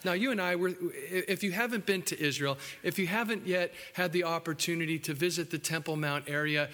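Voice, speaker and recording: A man preaching a sermon as pastor, animated and joking with his congregation. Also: fairly high pitch, brisk, long reverb tail. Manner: animated, acts out quotes, jokes with the congregation. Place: church building.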